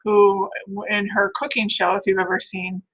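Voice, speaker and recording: A woman's voice: mid-range voice, level tone, moderate pace, fairly bright tone, muffled recording. A woman giving a recorded phonetics lecture, explaining step by step and checking in with "right?" and "all right.".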